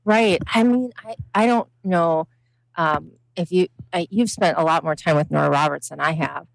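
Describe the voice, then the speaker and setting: Low-voiced reflective woman co-host. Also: creaky, no echo, rough recording. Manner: measured, reflective, halting. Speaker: podcast co-host. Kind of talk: casual podcast chat.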